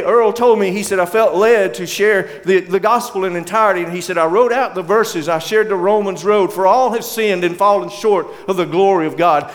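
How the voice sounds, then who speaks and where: Male pastor, sermon delivery, slightly high voice, reverberant sanctuary, hushes and slows for emotional passages. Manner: slows and drops to a hush for emotional quotes.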